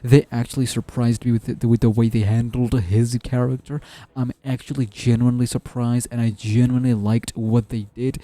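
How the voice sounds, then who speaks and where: Male gaming commentator, casual and joking, warm mellow voice, dry close sound. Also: medium pitch, moderate pace, dry recording. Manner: animated, joking, restarts often and stumbles over words. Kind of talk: casual tier-list commentary.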